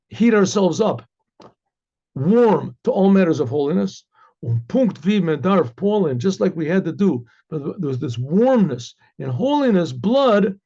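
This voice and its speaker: A man teaching a Hasidic discourse as a rabbi, telling a story with lively acted dialogue and dropping in Yiddish phrases. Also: high-pitched, dull audio. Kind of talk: informal Torah lecture with story.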